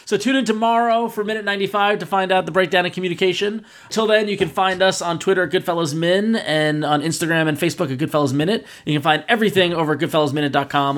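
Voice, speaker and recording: A man hosting a podcast in casual chat, talkative and quick to laugh. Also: on the high side, a bit bright. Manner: chatty, laughs easily, repeats movie lines. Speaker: podcast host.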